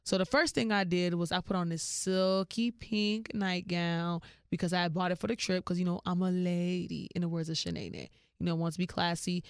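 Woman podcast host, slangy casual storyteller, clean dry mic, smooth voice. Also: moderate pace, few pauses, no echo. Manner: animated, slangy, jumps into high-pitched quoted voices.

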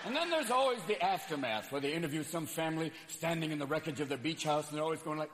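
A male stand-up comic tears through a manic, profane routine in a high, swooping voice. He lurches into sudden voices and swears freely. A big live crowd roars around him over a noisy room. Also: expressive, fast talker, hardly any pauses. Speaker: stand-up comedian. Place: comedy stage before a live audience. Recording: live show with crowd laughter and noise.

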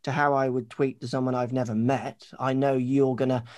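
A man's voice: medium pitch, flat delivery, brisk, darkish tone. A British man from the United Kingdom, co-hosting a casual golf chat with a rambling, joking manner. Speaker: podcast co-host.

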